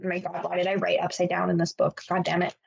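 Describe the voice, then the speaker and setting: A woman's voice: on the low side, monotone, fast talker, creaky, breathy edge, lo-fi sound. A woman co-hosting a casual podcast chat, telling stories in a loose way with lots of fillers. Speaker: podcast co-host.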